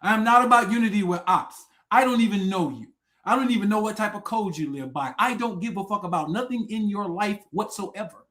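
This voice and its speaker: A high-voiced man hosts a livestream from a desk mic. He rants in a loud, profane and taunting way, jumping from shouts to low mutters and daring viewers to come on and debate him. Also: a little fast. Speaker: livestream host. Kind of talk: confrontational livestream rant.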